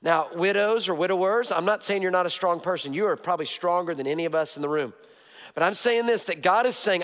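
A man's voice: sits high, quick pace, a bit bright. A male pastor preaching a sermon in a church, emphatic, hammering points with repetition and joking asides. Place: church sanctuary. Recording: long hall reverb.

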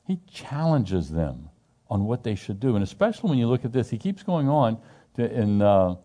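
Middle-aged male lay teacher, low mellow voice, chatty and emphatic scripture explainer. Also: moderate pace. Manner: animated, emphatic, asks the group questions; frequent restarts and repetitions. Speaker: Bible study teacher. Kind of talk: informal conversational scripture teaching.

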